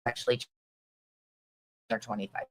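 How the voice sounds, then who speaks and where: A woman co-hosting a podcast, talking earnestly about health with many pauses and ums. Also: poor audio. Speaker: podcast co-host. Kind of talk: casual health talk.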